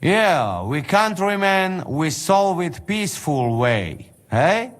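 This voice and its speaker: Janos, a brash Slovak mercenary. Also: male voice, sits high, big pitch swings, slow, full character voice. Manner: broken English, cajoling. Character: brash male Slovak mercenary, blunt and folksy.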